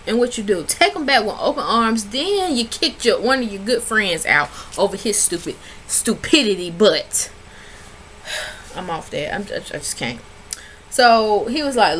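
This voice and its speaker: A woman's voice: normal speed, slight background noise. Sassy woman recapping reality TV. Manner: animated, sassy storytelling with big pitch jumps when quoting people. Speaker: reality TV reviewer. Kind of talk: casual recap vlog.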